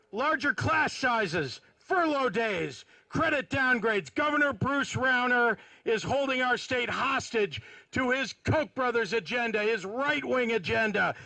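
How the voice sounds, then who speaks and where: Man, political candidate, rally speech, gravelly, bright, punchy slogans. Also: extremely high pitch, animated, slow, no echo, poor audio. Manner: punchy rhyming slogans, rousing questions to the crowd. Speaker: candidate for governor. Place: outdoor rally on capitol grounds.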